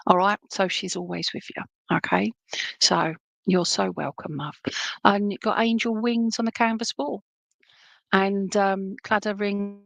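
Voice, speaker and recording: A woman medium gives a chatty, rambling clairvoyant reading and keeps checking in with her listener. Her mid-pitched voice has a gravelly rasp, recorded dry and close. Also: normal speed, a bit bright, no echo. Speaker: spiritualist medium.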